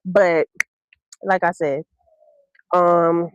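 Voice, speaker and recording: A woman from Brooklyn, hosting a podcast and telling a personal story in a candid, slangy, unhurried way with many ums. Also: lowish voice, very animated, fairly bright tone, muffled recording, a little hiss or hum. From Brooklyn, New York. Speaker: podcast host.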